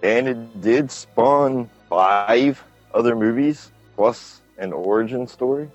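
A man's voice: medium pitch, takes it slowly, dull audio, soft background music. A man co-hosting a movie podcast, talking bluntly and enthusiastically and swearing freely. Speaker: podcast co-host. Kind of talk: casual chat.

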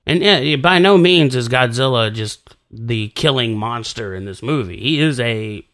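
A man's voice: medium pitch, expressive, unhurried, hardly any pauses, a bit bright. A man co-hosting a casual movie podcast, opinionated and emphatic as he explains scenes. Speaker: podcast co-host.

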